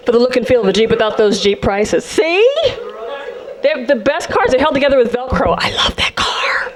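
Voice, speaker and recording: A woman from South Central Los Angeles performing a sassy, animated stand-up set, jumping into character voices. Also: on the high side, fairly quick, crowd noise. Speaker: stand-up comedian. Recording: live club set with loud audience laughter. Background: audience laughing.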